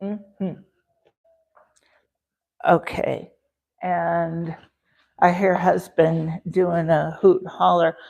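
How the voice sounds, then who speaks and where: Slow, gravelly-voiced woman chatting on a cooking stream. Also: lowish voice, flat delivery, a little mellow, low-quality recording. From Rocky Mountains, USA. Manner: chatty, rambling, many fillers, talks to chat viewers. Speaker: livestream host. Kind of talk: casual cooking livestream chat. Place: home kitchen.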